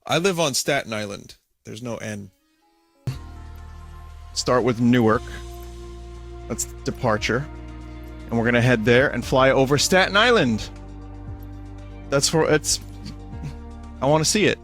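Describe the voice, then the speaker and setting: A man's voice: mid-range voice, animated, measured pace, pauses often, fairly bright tone, faint music behind. Rambling New man streaming. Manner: rambling, self-correcting, swears casually. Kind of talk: casual stream chat.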